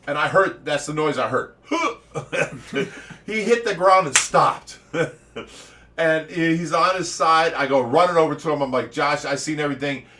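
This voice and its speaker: A man hosting a casual livestream, an animated storyteller who laughs often, with a light Ohio accent. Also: fairly high pitch, unhurried, recorded from a distance, background noise. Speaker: fish rescue owner, livestream host.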